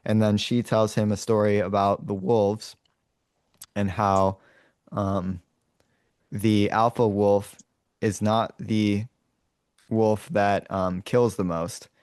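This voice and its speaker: A man with a fairly low voice tells a movie's story in a loose, rambling way, stopping to act out lines and roars. He speaks in a small, dry room with no echo. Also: little pitch movement, slow, long pauses, darkish tone, clear, resonant tone. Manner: rambling, many fillers and restarts. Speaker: podcast host retelling a movie. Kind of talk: casual storytelling to his brother.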